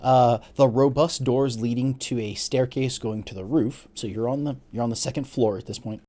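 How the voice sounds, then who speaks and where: A man narrating a tabletop role-playing game as game master, casual and halting, with many fillers. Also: medium pitch, fairly even intonation, dark tone.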